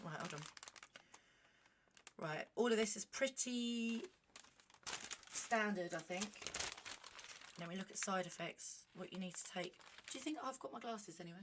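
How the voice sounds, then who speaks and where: A woman in casual vlog chat, reading a medicine leaflet aloud with animated, self-mocking asides. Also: medium pitch, a little slow, pauses often, background noise. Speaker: vlogger.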